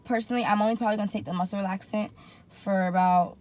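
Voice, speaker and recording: A woman's voice: mid-range voice, very fast. A woman vlogger, telling a casual story while in some pain after surgery and acting out her own reactions. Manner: animated, acts out her own reactions in quotes.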